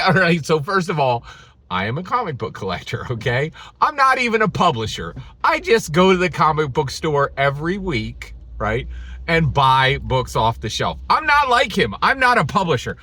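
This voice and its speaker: A man hosting his own channel, ranting with an exasperated, sarcastic edge. His voice sits high and swings widely up and down. The tone is bright and a little husky. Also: huge pitch swings, normal speed. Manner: exasperated, sarcastic, laughs between lines. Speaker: channel host. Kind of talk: ranting commentary.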